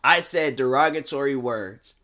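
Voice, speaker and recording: A man talking in a casual opinion vlog, animated and slangy with lots of fillers. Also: mid-range voice, a little slow. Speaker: vlogger.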